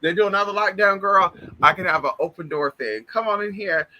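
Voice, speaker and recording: Sassy guy vlogging, swears nonstop, high bright voice. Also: fairly quick, low-quality recording. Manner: sassy, swears a lot, calls everyone girl and honey. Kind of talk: casual chat to camera.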